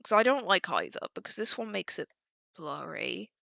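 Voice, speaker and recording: A woman's voice: mid-range voice, big pitch swings, moderate pace, creaky, sharp tone, no room sound. A young woman streaming, chatting casually to her viewers, exasperated and swearing often. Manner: exasperated, swearing, talking to chat. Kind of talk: casual livestream chat. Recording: dull lo-fi dry mic.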